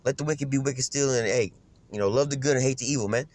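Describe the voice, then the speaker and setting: A man's voice: mid-range voice, quick pace, a little mellow. A man ranting casually in slang and profanity, rambling loosely and tagging his points with "man" and "you know what I'm saying.". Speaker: commentator.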